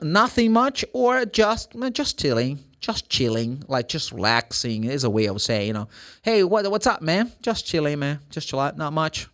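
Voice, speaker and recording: A man with a Brazilian Portuguese accent giving a casual, chatty English lesson, acting out greetings as he explains them. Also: medium pitch. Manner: chatty, animated, acts out greetings in quick impressions. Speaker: English teacher.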